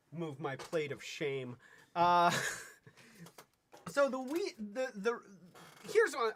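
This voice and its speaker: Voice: medium pitch, bright, forceful tone. A livestream host casually reviewing toys, rambling with stammering restarts and playful asides. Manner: bursts into silly sing-song jingles.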